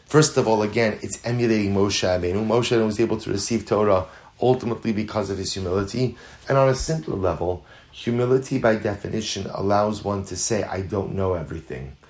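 A man's voice: on the low side, quick pace, darkish tone. Earnest man teaching a Talmud class. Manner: earnest, repeats phrases for emphasis; mixes in Hebrew and Yiddish terms. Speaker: Torah teacher.

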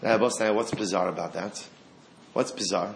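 A man teaching a Torah class, animated, asking rhetorical questions and acting out the lines of the story. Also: fairly low pitch, normal speed, gravelly, a little hiss or hum.

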